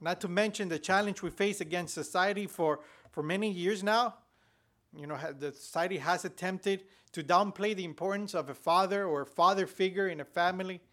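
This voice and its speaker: A man's voice: high-pitched, a little fast, a bit bright. A man, a pastor, preaching a sermon on a church podcast, telling a story in a conversational way with restarts. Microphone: podcast recording.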